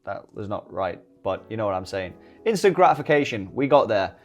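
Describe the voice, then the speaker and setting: A middle-aged British man giving a relaxed software walkthrough tutorial, full of joking, rambling asides. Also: low voice, fairly quick, faint music behind. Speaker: day-trading YouTuber. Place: home desk early morning.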